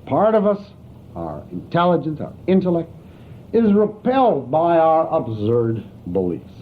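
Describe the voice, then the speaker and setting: A man's voice: fairly high pitch, expressive, measured pace. Wry man lecturing on tinny tape. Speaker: philosophy lecturer. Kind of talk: university lecture. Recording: tinny, lo-fi archival lecture tape with faint hiss.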